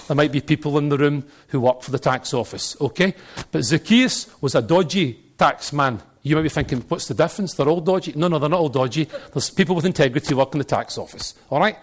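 A middle-aged man with a Glaswegian accent preaching a sermon, telling animated stories and jokes and now and then breaking into shouts. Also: fairly high pitch, brisk.

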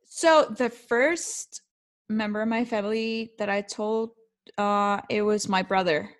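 A woman's voice: mid-range voice, steady tone, slow pace. Chatty young Mexican woman telling her story. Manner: chatty, with frequent restarts and switches into Spanish. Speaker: interview guest. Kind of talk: casual personal storytelling.

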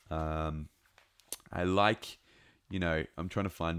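A man's voice: very deep voice, fairly even intonation, takes it slowly, pauses often, a bit bright, clear, resonant tone, no echo. A man with an accent close to New Zealand, hosting a podcast of casual fan commentary, rambling and enthusiastic with many fillers and restarts. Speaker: podcast host.

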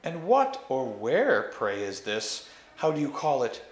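A man putting on a soft, scheming witch queen. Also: mid-range voice, wildly swooping pitch, measured pace, roomy sound, low-quality recording. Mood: sweetly mocking. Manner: soft, soothing, musical. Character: sweet-voiced scheming witch queen, woman.

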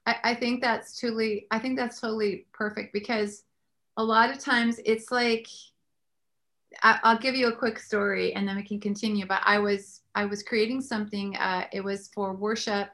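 A woman hosting a faith talk show, telling stories in an animated way and praying aloud. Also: mid-range voice, normal speed. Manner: animated storyteller, prays aloud. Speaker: host.

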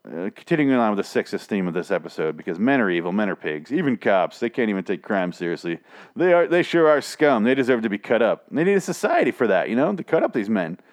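Guy with a lowish voice ranting through a tv recap, sarcastic, swears a lot, keeps restarting sentences. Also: big pitch swings, fast. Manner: profane, sarcastic, rambling with frequent restarts. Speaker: TV episode recapper. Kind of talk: casual spoken recap and review.

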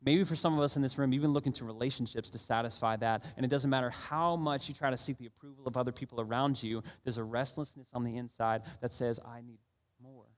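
A man preaching a sermon in a church auditorium, energetic and conversational, often asking the room if they are ready. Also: medium pitch, quick pace, few pauses. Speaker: pastor. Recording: long church hall reverb.

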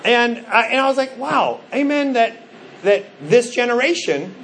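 A middle-aged male pastor preaching a sermon, telling stories with animated, acted-out quotes. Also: extremely high pitch, unhurried, slight background noise. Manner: animated storytelling, acts out quoted voices.

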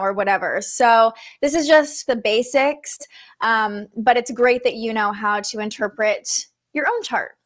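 A woman's voice: fairly high pitch, moderate pace, a bit bright. A woman hosting a spiritual interview livestream, upbeat and enthusiastic, in her thirties. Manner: bubbly, enthusiastic. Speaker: host.

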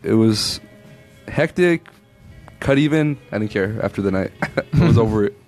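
A man's voice: lowish voice, animated, moderate pace, a little mellow, faint music behind. A young man, a new show promoter, talking hesitantly with many fillers in casual chat. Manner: hesitant, lots of ums and laughs.

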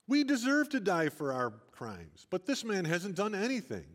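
A man's voice: high-pitched, huge pitch swings, moderate pace. An older man giving an earnest sermon, telling Bible stories with rising emphasis. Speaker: preacher. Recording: long hall reverb.

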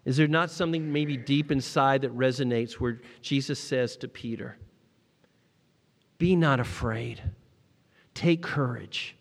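A middle-aged man preaching a sermon, telling personal stories, rising to emphatic peaks and dropping to quiet moments. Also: medium pitch, big-room sound. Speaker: pastor.

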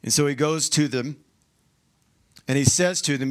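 A male pastor preaching a sermon in a conversational, animated way, acting out the quotes he tells. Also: mid-range voice, unhurried, long pauses.

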